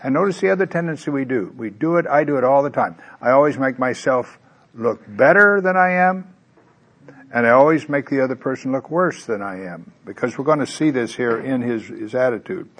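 A man's voice: medium pitch, a little fast. A man preaching a conversational sermon, acting out the characters' lines as he goes. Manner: conversational, animated, acts out quoted voices.

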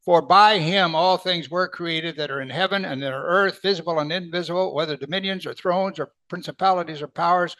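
A man preaching a Bible sermon, emphatic, lifting his voice on key words and then dropping it soft. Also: on the high side, brisk, hardly any pauses, no room sound. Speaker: pastor.

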